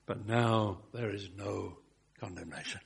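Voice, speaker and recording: A man preaching a sermon, building phrases up emphatically and dropping to a hush on key words. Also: on the low side, unhurried, gravelly, husky.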